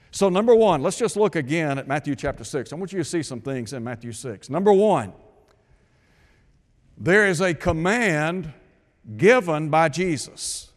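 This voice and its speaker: A man delivers a sermon, posing questions to his listeners and stressing scripture lines with emphasis. His voice sits a little higher than most men's. It rings out with a long reverb, as in a large hall. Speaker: preacher.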